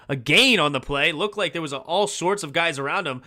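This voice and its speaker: A man hosting a fan livestream who gives casual play-by-play and analysis, with sudden loud, excited reactions to big plays. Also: fairly high pitch, brisk, hardly any pauses. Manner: excitable, bursts of loud reactions over steady calls.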